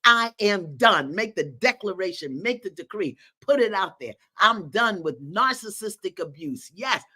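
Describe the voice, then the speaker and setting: A woman's voice: mid-range voice, measured pace, husky. A woman hosting a live online community call. She reads viewer comments aloud, laughs often and cheers people on in a folksy, preacherly way. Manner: animated, laughing, folksy and preacherly, calls out encouragement. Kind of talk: lively live-stream talk, reading viewer comments aloud. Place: her home in the countryside.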